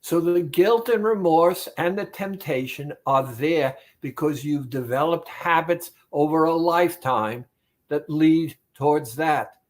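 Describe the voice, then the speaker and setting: A man with a fairly high voice speaks to the listener as a weight-loss therapist. He talks slowly and deliberately, leaning on key words. The delivery is that of a direct motivational talk. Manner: slow, emphatic, addresses listener directly.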